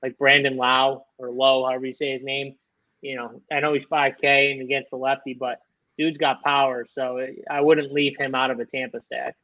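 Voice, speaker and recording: A man's voice: medium pitch, level tone, moderate pace, no echo, lo-fi sound. A man giving baseball stacking advice on a live show, laid-back and rambling. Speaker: sports betting analyst. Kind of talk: casual analytical chat.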